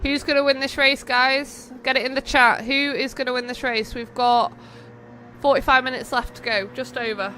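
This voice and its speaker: A young woman hosting and commentating on a sim-racing stream, chatting playfully between race calls and getting excited at close battles. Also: high-pitched, normal speed, soft background music.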